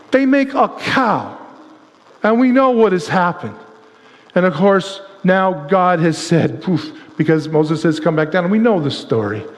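Male pastor, high voice, animated and joking sermon, long hall reverb. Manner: animated, acts out voices of the people with humor.

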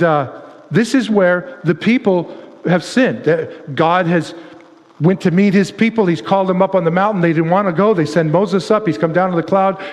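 A man with a fairly high voice preaches in a loose, animated way, breaking into playful impressions. His voice rings out with a long reverb, as in a big hall. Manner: animated, acts out voices of the people with humor. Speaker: pastor. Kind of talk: sermon.

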